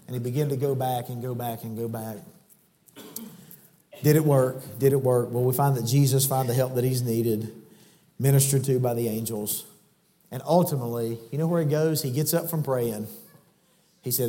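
A man preaching a sermon in a church, shifting between folksy storytelling and loud, high-pitched exhortation. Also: steady tone, moderate pace, long pauses. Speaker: guest preacher. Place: church sanctuary. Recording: church hall reverb.

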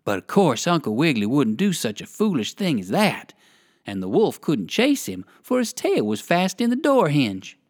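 An expressive narrator reading a children's story aloud. The pitch swings very widely, and the voice is close and dry. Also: normal speed, dry recording. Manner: expressive, sing-song.

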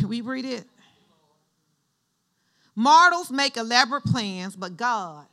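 A woman's voice: fairly high pitch, lively intonation, slow pace, pauses often, bright, forceful tone. A woman pastor preaching a sermon in church, using call-and-response and having the congregation finish her lines.

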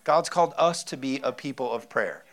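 A man's voice: medium pitch, normal speed, a bit bright. A man in his thirties, a pastor preaching a sermon with emphasis and often calling out for an amen.

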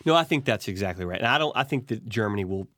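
A man's voice: on the low side, lively intonation, fast, a bit bright, dry recording, studio quality. A man in his forties, a guest from an investment firm, agreeing readily and thinking aloud about markets with frequent restarts. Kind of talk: conversational finance interview.

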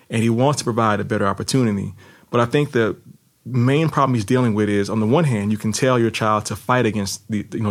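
Man, middle-aged, novelist; low voice, thoughtful, searching delivery. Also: gravelly. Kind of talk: interview conversation.

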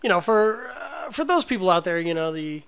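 A man's voice: high-pitched, animated, normal speed, fairly bright tone, smooth. A man co-hosting a podcast in casual chat, joking and chiming in with quips. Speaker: podcast co-host.

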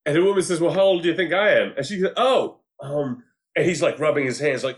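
A man chatting casually and recapping a TV show, animated, acting out quotes, swearing freely and laughing often. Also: on the high side, fast talker.

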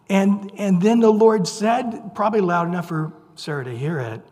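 High-voiced preacher in a reverberant hall. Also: male voice, moderate pace, a little mellow. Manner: conversational, playful retelling with voiced quotes. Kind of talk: sermon.

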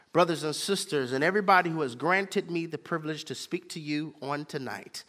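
A man's voice: sits high, bright, forceful tone, in a large hall. A man preaching a sermon as pastor, driving his points home with repetition and call-and-response.

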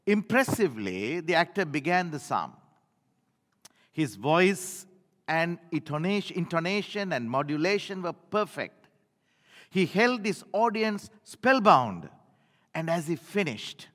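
An older man preaching a sermon in a church, telling stories and swinging from loud declarations to hushed lines. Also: on the high side, in a large hall. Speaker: pastor.

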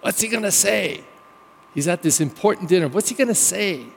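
A male pastor giving a sermon in an animated, conversational storytelling manner. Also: sits high, a little fast, vocal fry, husky, in a large hall.

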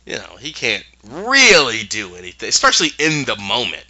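A man's voice: mid-range voice, huge pitch swings, normal speed, few pauses, bright, forceful tone, highs cut off. A man casually recapping a TV episode and acting out the characters' lines in voices. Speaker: podcast host recapping a TV episode.

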